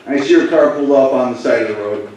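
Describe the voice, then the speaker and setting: Male police officer, mid-pitched, halting and emotional storyteller, picked up from across a big echoey room. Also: a little mellow, far from the mic, a little hiss or hum. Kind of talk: personal story told to students.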